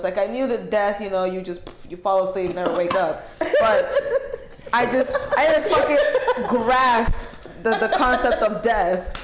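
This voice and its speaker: A woman tells a casual, profane story on a podcast, laughing as she goes. Her voice sits mid-pitch and sounds roomy and echoey. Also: a little hiss or hum. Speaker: podcast co-host. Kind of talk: casual chat. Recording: echoey room.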